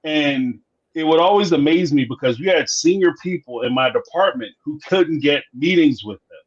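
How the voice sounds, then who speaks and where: On a casual live stream about a reality TV show, a man with a slightly high, slightly rough voice talks at a moderate pace. He acts out plenty of dialogue in his stories and laughs frequently, and the recording is a bit dull and lo-fi.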